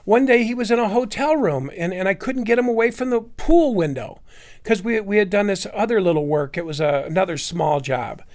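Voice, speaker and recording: A man's voice: high-pitched, brisk, a little mellow. A middle-aged man rambling through a personal story, acting out what others said. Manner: rambling, with restarts and acted-out quotes. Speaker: storyteller recounting personal experience.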